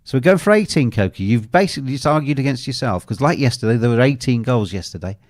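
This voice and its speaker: A man's voice: mid-range voice, expressive, fast talker, no room sound, clean studio sound. A man hosting a live football betting show, commenting on a match and teasing his co-host while reading viewer comments aloud.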